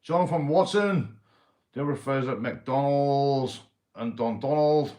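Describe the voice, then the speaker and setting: A man's voice: mid-range voice, unhurried, mellow, reverberant. A man with a Northern Irish Belfast accent, hosting a casual livestream, rambling and swearing as he greets viewers in the chat. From Northern Ireland. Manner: rambling, swears a lot, says mate and big up constantly. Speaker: livestream host.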